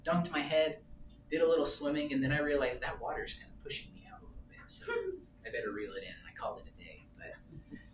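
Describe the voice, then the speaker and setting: Man in his thirties, animated storyteller, slightly high voice, distant roomy mic, background noise and rumble. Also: fast. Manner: animated, self-amused storytelling. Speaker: presenter at a sales meeting. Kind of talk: casual storytelling talk. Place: meeting room. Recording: roomy, distant, noisy meeting room.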